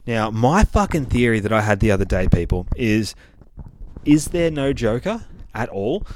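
A man's voice: fairly low pitch, sing-song, moderate pace, a little hiss or hum. Profane rambling man recapping comics. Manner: profane, rambling, acts out characters' lines. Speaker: podcast host. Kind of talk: casual comic book recap.

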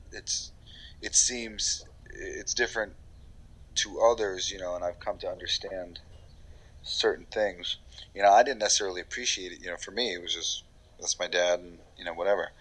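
A man's voice: lowish voice, normal speed, pauses often, low-quality recording. A man from New York, a voiceover actor, talking in a loose, rambling way with casual swearing in a podcast interview. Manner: rambling, many fillers and restarts, casual swearing.

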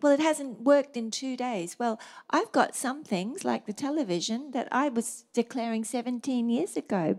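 Woman pastor preaching with lively storytelling. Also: fairly high pitch, vocal fry. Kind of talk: sermon.

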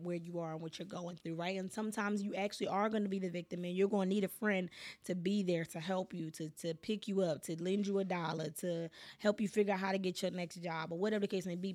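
A woman's voice: on the low side, dry recording. Emphatic woman giving motivational advice. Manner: emphatic, repeats phrases for effect, often asks "right?"; casual speech with African American English features. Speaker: speaker giving life advice. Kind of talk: motivational talk.

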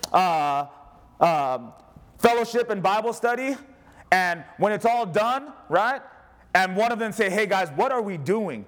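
A male pastor with a notably high voice delivers a fervent sermon. His preaching is emphatic and built on repeated rallying lines, spoken in a church sanctuary. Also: a bit bright. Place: church sanctuary with a responding congregation.

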